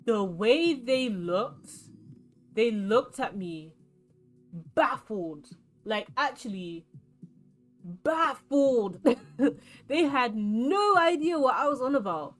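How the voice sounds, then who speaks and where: A woman's voice: fairly high pitch, extremely slow, long pauses. Young london girl streaming a card game, chatty and rambly, bit of music under her. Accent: London English. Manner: chatty, rambling, animated storytelling. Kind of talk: casual chat while playing a card game.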